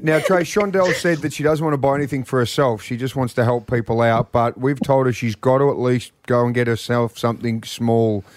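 A man's voice: medium pitch, a little fast, hardly any pauses, no echo. Male radio host, encouraging, dry studio read. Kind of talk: radio show banter.

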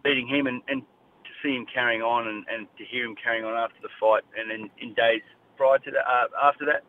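A man's voice: mid-range voice, steady tone, fairly quick, a little hiss or hum. Blunt, fired-up Australian man, a boxer guest on a tinny phone line. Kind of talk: radio phone interview.

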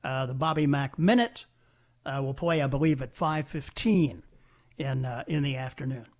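An older man hosting a talk radio call-in show in a folksy, halting manner, full of fillers and restarts. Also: mid-range voice, darkish tone. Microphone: studio microphone.

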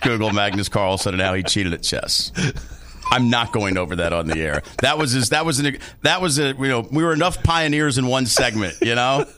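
A man's voice: medium pitch, lively intonation, fairly quick, pushed and bright. A man hosting a radio talk show, chatting casually and laughing often.

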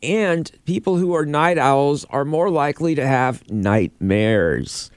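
A man's voice: a little high, slow pace, dry recording, clean studio sound. A man co-hosting a morning radio show, casually reading out survey facts and trading jokes with his co-hosts. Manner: relaxed, reads out survey facts between jokes.

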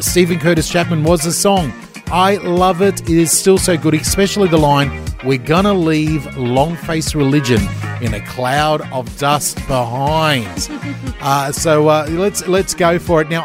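An Australian man hosting a breakfast radio show, chatting with enthusiasm and plenty of fillers and restarts. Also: a little high. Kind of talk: upbeat radio chat and interview. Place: radio studio. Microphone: studio microphone.

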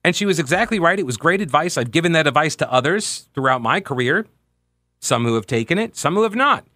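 A man in his forties hosting a talk radio show, telling anecdotes in a candid, conversational way with animated asides. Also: on the high side, fast talker, no echo, clean studio sound. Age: 40s. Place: radio studio. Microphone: close studio microphone.

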